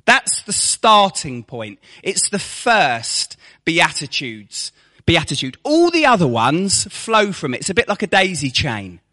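A man's voice: fairly high pitch, wildly swooping pitch, a little slow, bright, forceful tone. A man preaching a sermon to his congregation, with rhetorical questions and mocking asides.

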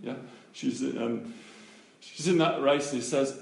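A man preaching, telling a testimony story with animated delivery and acted-out voices. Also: medium pitch, unhurried, creaky. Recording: echoey room, voice from a distance.

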